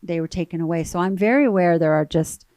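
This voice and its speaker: Woman in her thirties, earnest, halting, lowish voice, dry close sound. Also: dark tone, dry recording. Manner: earnest, halting with repeated words. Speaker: guest. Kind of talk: emotional personal storytelling.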